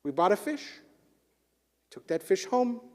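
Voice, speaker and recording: A humble, devout shopkeeper talks in a gentle, earnest way, as a man acts him out. The voice sits high, and the long reverb of a chapel trails behind the story. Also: sing-song, unhurried. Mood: calm explaining. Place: synagogue chapel.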